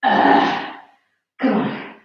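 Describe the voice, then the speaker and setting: A woman fitness instructor coaching a workout class with brisk, encouraging commands and counts. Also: very noisy. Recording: very echoey, distant, dull-sounding room recording.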